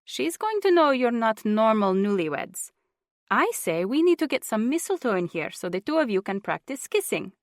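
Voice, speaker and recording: A woman's voice: fairly high pitch, sing-song, normal speed, no room sound, studio quality, voice pushed up. A woman narrator voicing a bossy older aunt who lectures bluntly and insists on getting her way. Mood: insistent.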